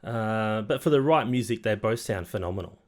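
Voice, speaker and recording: A man's voice: on the low side, animated, a little fast. A man co-hosting a podcast in an easygoing, teasing way. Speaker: podcast co-host. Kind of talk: casual comedic chat.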